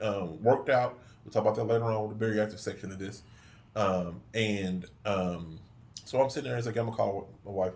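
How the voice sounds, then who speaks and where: A middle-aged man casually telling a story, acting out quoted voices in an animated way. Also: lowish voice. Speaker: co-host.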